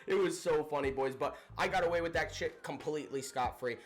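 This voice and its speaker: A young man casually telling a storytime tale, animated and profane, often breaking into laughter. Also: on the high side, a little fast. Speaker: storyteller vlogger.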